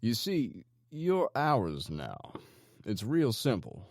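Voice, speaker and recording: A calm, menacing gang leader talks in a slow, coaxing way, as a male narrator voices him. The voice sits higher than the narrator's deep natural tone and keeps a lively lilt. The recording is dry and close. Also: no echo, full character voice. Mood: calm menace.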